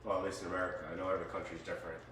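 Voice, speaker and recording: A man co-hosting a home cooking stream, reading out viewer comments in a quick, agreeable way. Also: low voice, level tone, a bit bright. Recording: distant voice in an echoey room with faint noise.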